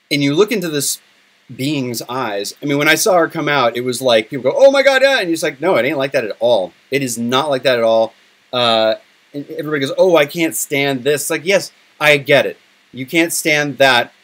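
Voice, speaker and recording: A man's voice: mid-range voice, fairly bright tone. A middle-aged man hosting a podcast in casual chat, candid and emotional, swearing freely. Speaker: podcast host.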